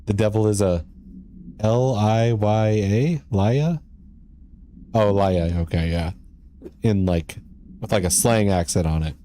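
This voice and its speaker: A man's voice: on the low side, unhurried, dark tone, slight background noise. A man streaming a game live, chatting casually with his viewers and reading in-game letters aloud.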